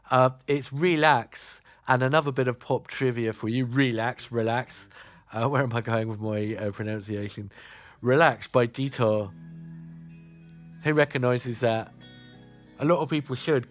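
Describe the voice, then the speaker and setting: Southern English male radio host, casual and chatty, mid-pitched voice, soft music underneath. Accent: Southern English, Kent and Sussex. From South East England. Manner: chatty, many "uh" fillers.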